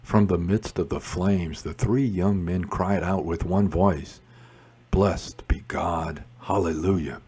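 A man leading morning prayer, reciting psalms and responses in a measured liturgical way. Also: sits low, fairly even intonation, mellow, husky. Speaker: prayer leader.

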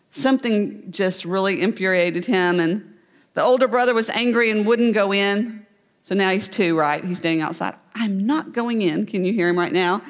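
A woman pastor delivers a sermon, bringing a parable to life in a storytelling manner. Her voice sits at a medium pitch. The sound carries the long reverb of a church sanctuary. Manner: storytelling, voicing the characters in the parable.

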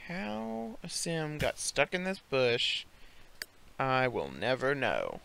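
A man's voice: mid-range voice, sing-song, slow pace, creaky, bright, forceful tone, clear, resonant tone. A young man hosting a casual gameplay let's play, often exasperated and scolding the characters he controls.

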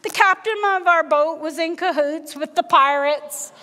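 A middle-aged woman preaching a sermon, telling a personal story with lively acted-out dialogue. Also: high-pitched, moderate pace, a little hiss or hum. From Canada. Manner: animated storyteller, acts out dialogue. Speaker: guest preacher. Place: church sanctuary. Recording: long church reverb.

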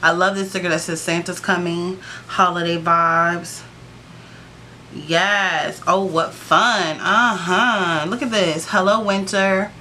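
A woman's voice: fairly low pitch, fairly even intonation, slow pace, pushed and bright, slight background noise. A woman vlogging a casual sticker book flip-through, chatty and gushing, with sassy playful asides to her viewers.

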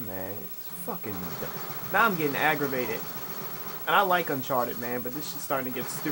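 A young man casually commentating while he plays an online shooter, swearing and complaining with sudden excited outbursts. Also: medium pitch, fairly quick. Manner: profane, frustrated, with excited outbursts. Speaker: gamer. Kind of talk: live commentary over gameplay. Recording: noisy capture over game audio. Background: game sounds.

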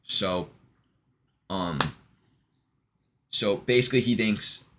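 A man with a very low voice tells a long story in a loose, meandering way. He stops and restarts often, fills gaps with ums and drops the occasional swear word. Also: takes it slowly, background noise. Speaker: vlogger. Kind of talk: casual rambling monologue retelling a joke.

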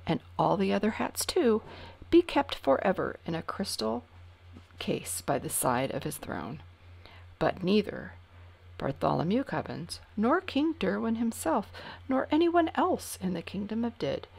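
A woman reading a children's storybook aloud in an expressive way, dropping to whispers for suspense. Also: mid-range voice, gravelly, slightly rough. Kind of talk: reading a picture book aloud.

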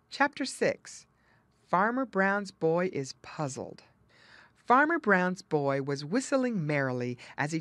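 A woman reading a children's audiobook aloud with lively, expressive storytelling. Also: deep voice, dry recording. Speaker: audiobook reader.

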